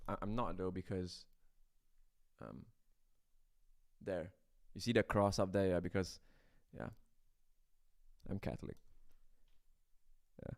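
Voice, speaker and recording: A man streams live as a beatboxer, chatting casually with viewers and answering their comments, laughing often and repeating words as he rambles. His deep, slightly mellow voice has fairly even intonation and vocal fry, moving slowly with long pauses. The recording is dry and clean, with studio clarity.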